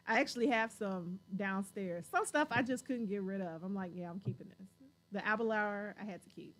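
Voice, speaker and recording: A woman hosting a show, chatting casually in an animated way and laughing often. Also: medium pitch, normal speed. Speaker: show host. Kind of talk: casual chat.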